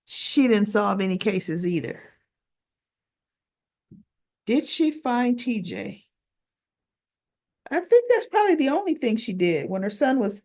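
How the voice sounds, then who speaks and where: A woman's voice: on the high side, darkish tone. A woman casually recapping a soap opera episode, retelling the scenes line by line with lots of "she goes" and "right?".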